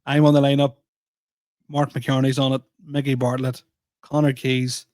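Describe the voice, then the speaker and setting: A man's voice: medium pitch, level tone, normal speed, a little mellow, no room sound. Laughing man, dry close sound. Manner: laughing, self-deprecating storyteller. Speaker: podcast co-host and stand-up comedian. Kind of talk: casual chat.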